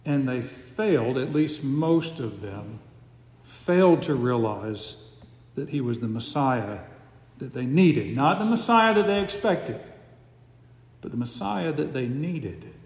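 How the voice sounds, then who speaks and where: Slow, emphatic preacher in an echoing hall. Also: male voice, medium pitch, animated. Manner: slow, emphatic cadence with dramatic pauses. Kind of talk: sermon. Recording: echoey hall with long reverb.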